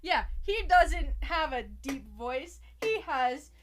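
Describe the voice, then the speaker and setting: A woman streaming a game live who reads text aloud and breaks into excitable, sweary rants. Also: sits high, takes it slowly. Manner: excitable, swearing, laughing outbursts.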